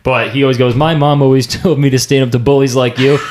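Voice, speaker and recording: Animated young man telling stories. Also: mid-range voice, quick pace, echoey room, slight background noise. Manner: animated storyteller who acts out quotes. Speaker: podcast co-host. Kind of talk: casual chat.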